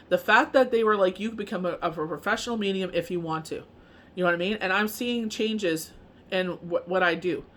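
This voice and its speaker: On the low side yet a bit bright, the voice belongs to a tarot reader and medium from Canada. She speaks in a loose, rambling monologue stuffed with fillers along the lines of "you know what I mean."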